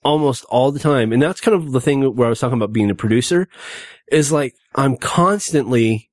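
A man's voice: mid-range voice, a little fast, no echo, clean studio sound. A man hosting a casual podcast, rambling with many fillers and restarts while talking after having two back teeth pulled. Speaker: podcast host.

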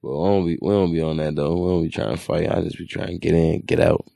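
A man's voice: low-pitched, fairly even intonation, quick pace, vocal fry, warm tone, no echo, studio quality. A young man, a rapper guest on a podcast, talking in a laid-back, streetwise way. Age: young adult. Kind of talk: casual interview banter.

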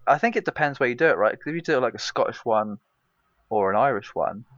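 A man's voice: medium pitch, expressive, quick pace, fairly bright tone, no room sound. A man co-hosting a podcast, talking in a laid-back, rambling way. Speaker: podcast co-host. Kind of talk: casual chat. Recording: dry, dull lo-fi sound.

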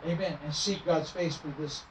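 Speaking at a moderate pace in a fairly high voice, a middle-aged man who travels as a minister spins stories in his sermon and performs the characters' lines with animation. It was captured in a church sanctuary, and the audio is distant, roomy, and muffled by noise.

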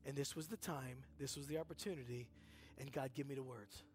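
A man speaking at a church service, telling a story in an animated, conversational way and acting out the people in it. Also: mid-range voice, fairly quick. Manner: energetic and conversational, acts out dialogue in the story. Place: church sanctuary.

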